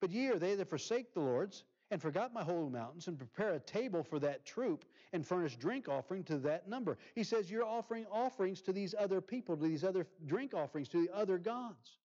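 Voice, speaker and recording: A male pastor preaching a sermon, reading scripture aloud and swinging from loud emphasis to soft near-whispers. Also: high-pitched, lively intonation, a little fast, hardly any pauses, highs cut off.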